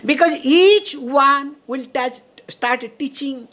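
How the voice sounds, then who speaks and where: Woman giving a lively spiritual lecture. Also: high voice, slow pace. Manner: checks in with listeners often, laughs between points. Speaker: swami teaching Vedanta.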